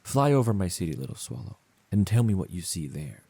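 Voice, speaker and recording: Selfless sorrowful prince, read by a man; solemn, low and mellow. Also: sing-song, fairly quick, slightly rough, no room sound, full character voice. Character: noble, sorrowful prince statue, male, selfless.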